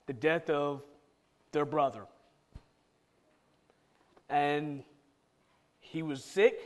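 A man preaching a sermon in a church, talking with emphasis and repeating key lines for stress. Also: a little high.

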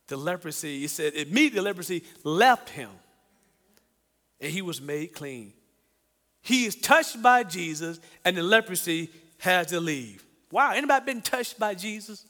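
A man preaches an animated sermon in a high, bright voice. He asks his listeners questions and acts out the voices he quotes. A long hall reverb trails behind every phrase. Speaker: pastor.

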